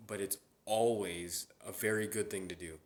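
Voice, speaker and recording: A man's voice: low-pitched, fairly even intonation, normal speed. A young man hosting a casual solo chat. He rambles, with many fillers and restarts. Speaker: podcast host. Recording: roomy echo.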